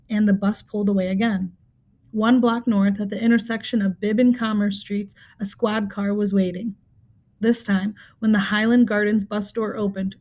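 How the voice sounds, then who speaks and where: A woman reading a nonfiction book aloud in a steady, measured storytelling manner, with occasional small slips. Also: mid-range voice. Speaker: reader.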